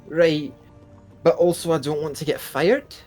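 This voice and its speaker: A man's voice: a little high, steady tone, unhurried, a little mellow, faint music behind, pitched above the performer's own voice. A man voicing a dutiful male mine gate guard who is polite, apologetic and worried about his job. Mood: officious. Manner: polite, apologetic, rule-bound.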